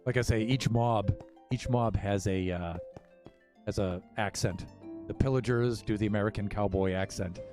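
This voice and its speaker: A man's voice: fairly low pitch, normal speed, music in the background. A man casually talking through his building as he streams a game, thinking aloud with many fillers. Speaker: Minecraft streamer.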